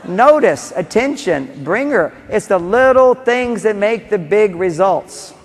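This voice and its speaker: A man giving a conference talk on relationships, animated, acting out quotes and repeating key phrases. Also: sits high, slow pace. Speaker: relationship seminar speaker. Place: large conference hall. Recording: long reverb of a conference hall.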